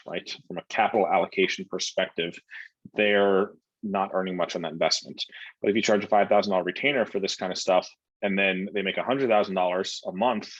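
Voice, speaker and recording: A man's voice: fairly low pitch, slightly rough, no echo, highs cut off. A man coaching students on copywriting, reading their questions aloud and answering bluntly in a casual way, with many fillers.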